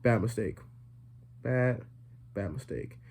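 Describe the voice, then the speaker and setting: A young man spins a comedic storytime for his viewers, his voice dark and mellow. He rambles, piles on fillers and slips in deadpan jokes as he goes. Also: lowish voice, slow pace, creaky, slightly rough. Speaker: vlogger.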